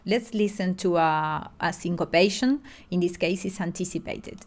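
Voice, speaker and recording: A music lecturer in middle age speaks at a normal speed in a voice on the low side during an online lesson. Patient and explanatory, she restarts often and leans on fillers.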